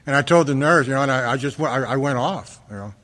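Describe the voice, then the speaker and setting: An American man from Fresno, California, giving an earnest personal testimony at a recovery meeting, halting often and repeating words as he restarts. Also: medium pitch, a bit bright. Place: large hall at a convention. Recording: reverberant hall recording.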